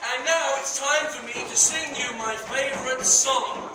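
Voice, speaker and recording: A man's voice: very high-pitched, measured pace. A man reading a silly picture-free book aloud to children, theatrical and mock-reluctant as he plays to the crowd. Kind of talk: playful read-aloud to children. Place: public library room with children. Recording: echoey room recorded from a distance, with children's noise.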